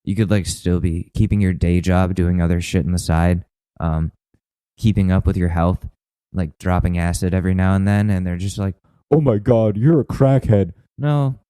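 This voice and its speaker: A young man hosting a podcast in a loose, rambling comedic monologue, swearing freely and mocking himself. His voice is deep and dark, with a mellow, low tone. The sound is dry and close to the mic. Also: little pitch movement, moderate pace, clear, resonant tone, no room sound, low-quality recording. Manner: rambling, self-mocking, profane. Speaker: podcast host.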